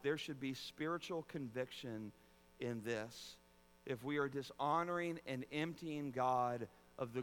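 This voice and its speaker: High bright-voiced preacher in a big hall. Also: male voice. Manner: earnest preaching, repeats words, rises to loud emphatic peaks. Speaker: pastor. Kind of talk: sermon. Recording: long reverb of a large hall.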